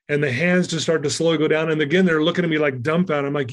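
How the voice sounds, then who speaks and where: A man telling a personal story in a conversation, lively and acting out the lines of people he quotes. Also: on the high side, quick pace. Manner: animated, acts out quoted lines. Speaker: guest speaker.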